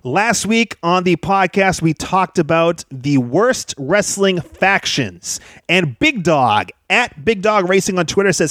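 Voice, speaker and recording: A man hosting a podcast in a lively, chatty monologue, joking and laughing as he talks. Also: high voice, takes it slowly, few pauses, no room sound, clean studio sound. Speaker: podcast host.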